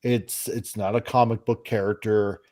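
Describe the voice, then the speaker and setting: A man co-hosting a talk show, speaking in a halting, hesitant way. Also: on the low side, flat delivery, dark tone. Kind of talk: casual chat.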